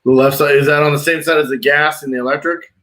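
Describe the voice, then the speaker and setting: A man's voice: fairly high pitch, steady tone, fast, fairly bright tone. A man working as a pool designer, talking casually and reassuringly with clients about a backyard plan.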